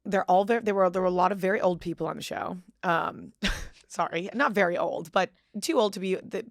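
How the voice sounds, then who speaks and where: A woman from Boston hosting a podcast, chatting casually with a co-host, gushing excitably and swearing freely. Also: lowish voice, a little fast, dry recording, studio quality. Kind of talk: casual chat.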